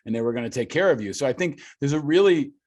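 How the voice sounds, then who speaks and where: A man's voice: mid-range voice, expressive, fast talker, darkish tone. A man hosting a podcast, asking long, earnest, admiring questions that ramble with fillers. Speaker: podcast host. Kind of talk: interview questions.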